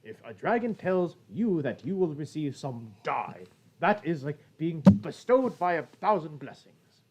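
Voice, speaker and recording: A tipsy man joining a livestream as co-host, chatting casually with playful, deadpan jokes. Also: on the high side, measured pace, very noisy. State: tipsy from drinking sake. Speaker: stream co-host guest. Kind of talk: casual chat.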